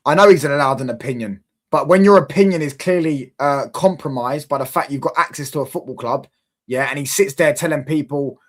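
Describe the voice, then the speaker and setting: A man's voice: a little high, a little fast. A man hosting a football reaction stream, ranting in exasperated casual chat and asking rhetorical questions.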